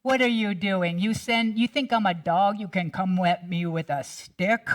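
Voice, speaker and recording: A woman voicing a huge male warrior who taunts loudly, putting on a mocking tone while telling a Bible story in a sermon. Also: on the low side, very animated, slow. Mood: scornful. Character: taunting giant male warrior, loud bully.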